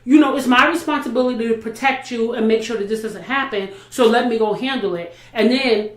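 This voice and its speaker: Young woman, casual chat co-host, agreeable and reflective, a little high, roomy echo. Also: fairly quick. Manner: affirming, frequent agreement, reflective. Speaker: podcast co-host.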